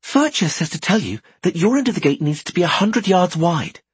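A woman's voice: on the low side, very animated, brisk, husky, voice pushed up, heavily acted. A man reading an audiobook, voicing a playful young woman wizard apprentice with a raised, teasing voice. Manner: bright, teasing. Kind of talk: audiobook character voice.

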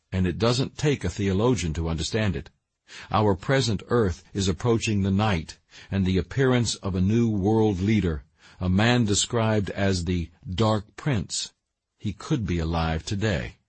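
A man with a fairly low, husky voice reads a devotional book aloud in a measured, earnest way. The sound is dry and close, with no room around it. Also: darkish tone, no echo. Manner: earnest, measured reading with emphatic rises. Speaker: audiobook narrator. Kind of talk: scripted narration of a Christian book.

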